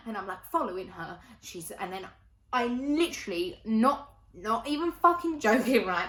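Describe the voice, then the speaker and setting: A young woman telling a personal story in casual vlog style, animated and swearing freely. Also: medium pitch, normal speed. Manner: animated, swears freely, laughs between lines. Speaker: vlogger. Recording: roomy echo.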